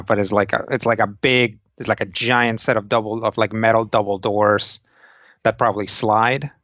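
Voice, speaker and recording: A man with a low voice and fairly bright tone serves as game master for a tabletop game, slowly meandering through scene descriptions. The recording is dry, a little dull and without echo.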